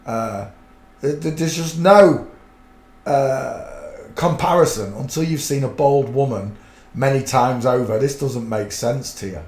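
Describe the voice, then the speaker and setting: A man's voice: medium pitch, a little slow, a little mellow. A middle-aged man from a fishing town, hosting a livestream and telling rambling, colloquial anecdotes in casual chat. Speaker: livestream host. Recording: roomy echo.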